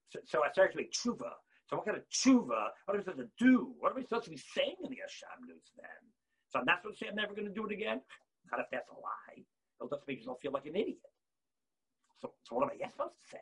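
A man giving an animated Torah talk on repentance, swinging between loud bursts and near-whispers. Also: high voice, quick pace, slightly rough.

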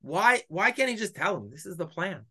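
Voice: mid-range voice, sing-song, moderate pace, pushed and bright, husky. A teacher giving a weekly Bible study lesson, reading Hebrew verses aloud and explaining them with rhetorical questions.

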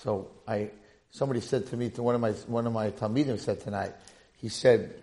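A man's voice: on the low side, fairly even intonation, a little fast, mellow. A man giving an impassioned Torah lecture, dramatizing scenes and mixing in Hebrew and Yiddish terms. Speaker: Torah teacher.

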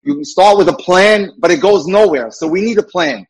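Husky-voiced emphatic male lecturer. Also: high-pitched, moderate pace, low-quality recording. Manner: emphatic, repeats points, tells jokes. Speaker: dating mentor.

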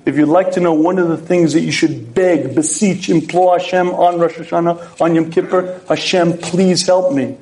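A middle-aged man, a rabbi giving a sermon full of stories, who acts out voices and often clears his throat. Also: a little high, fairly even intonation, moderate pace, few pauses, dark tone.

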